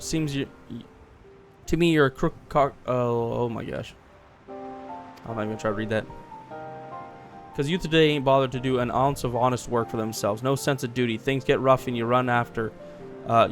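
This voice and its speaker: Man voicing a gruff old blacksmith, surly, blunt, folksy, scornful. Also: mid-range voice, close to an everyday voice. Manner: blunt, folksy, swears mildly.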